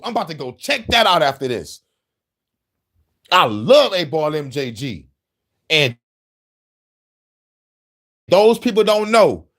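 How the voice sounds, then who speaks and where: A man's voice: high voice, fairly bright tone. A man hosting casual podcast talk, boastful and profane, breaking into laughter often. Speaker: host.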